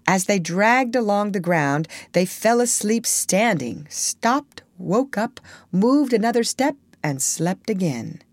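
A woman reading a children's storybook aloud in a gentle, expressive way. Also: mid-range voice, takes it slowly, dry recording. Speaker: audiobook narrator.

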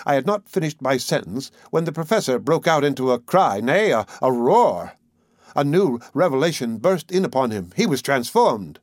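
A man narrating a classic adventure story in the first person, measured and expressive. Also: medium pitch, no echo, studio quality. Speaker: audiobook narrator.

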